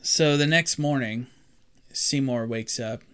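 A man tells a film's story in a relaxed, joking way. He chats casually with his co-host. He slips into quick little voices for the characters. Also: mid-range voice, clear, resonant tone. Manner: joking, animated storyteller who acts out quotes. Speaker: podcast co-host. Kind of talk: casual chat recapping a film.

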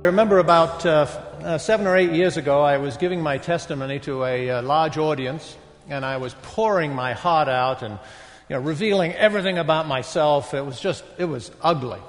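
A man in his sixties with a northeast English accent, giving a talk to a live audience in a halting, conversational way. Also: fairly high pitch, faint music behind. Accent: northeast English, softened by decades in the US. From northeast England. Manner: conversational, halting, with many fillers and self-deprecating asides. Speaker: guest speaker at a retreat. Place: large hall with an audience. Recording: long reverb of a large hall.

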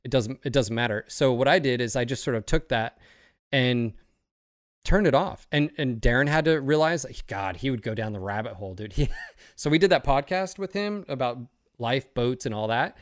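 A man in casual podcast talk, rambling and swearing freely as he gets worked up. His voice sits at an ordinary pitch. The recording is dry and close, with no room echo. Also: animated, normal speed. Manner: rambling, profane, fired up. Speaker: streamer and podcast host.

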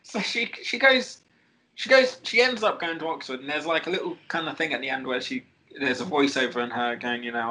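A woman's voice: very deep voice, a little fast, bright, forceful tone, poor audio. A woman co-hosting a podcast, recapping a film plot in a rambling, casual way with many fillers. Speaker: podcast co-host.

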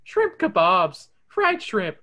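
A podcast reader voicing a jittery, hungry cartoon slacker in a raised, excited cartoon voice. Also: mid-range voice, slow, pitched above the performer's own voice, exaggerated voice.

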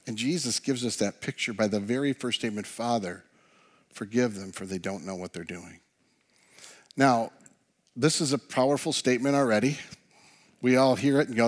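A male pastor delivers an earnest sermon in a mid-range voice. He often drops to a soft hush on key words. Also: medium pitch, brisk.

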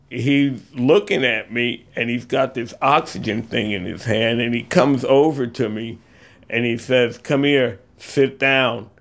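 An older man from California telling a personal story, halting and reflective, with pauses and fillers. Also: mid-range voice. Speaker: eyewitness storyteller. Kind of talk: personal story told in interview.

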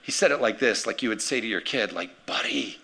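A man preaching a sermon as pastor, energetic, calling for amens and acting out the words of scripture figures. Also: on the low side, quick pace. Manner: energetic, calls for amens, acts out quotes.

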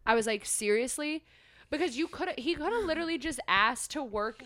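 Bright-voiced young woman telling a story. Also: high-pitched, fairly quick, dry recording. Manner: animated storytelling, many "like" fillers. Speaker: podcast co-host. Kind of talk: casual chat.

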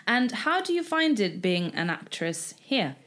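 A woman's voice: medium pitch, sing-song, unhurried, fairly bright tone. A woman hosting an interview, asking questions in an encouraging way. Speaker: interviewer, host.

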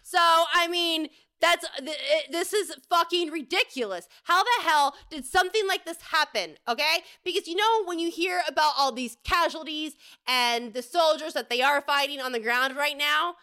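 Woman, podcast host, solo rant, heated and foul-mouthed, rambling, high voice, sharp tone. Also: normal speed, few pauses. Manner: angry, profane, rambling rant. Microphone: home podcast setup.

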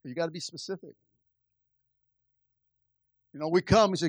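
A man's voice: on the high side, normal speed, long pauses, slightly rough, dry recording. A man preaching a sermon to his church, repeating phrases and restarting words as he presses his point. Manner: preaching with rising and falling intensity, many repetitions and stammered restarts. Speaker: pastor.

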